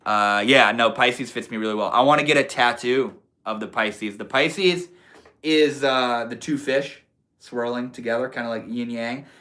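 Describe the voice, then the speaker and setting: Bright-voiced laid-back young streamer guy. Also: medium pitch. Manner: laid-back, slangy, reads chat aloud. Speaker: live streamer. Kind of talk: casual live stream chat. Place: indoors at a computer.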